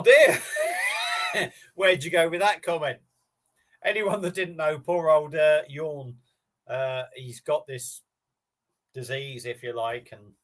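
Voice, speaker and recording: A man's voice: fairly high pitch, a bit bright. A man hosting a casual live beer stream, chatting in a rambling, matey way with casual swearing.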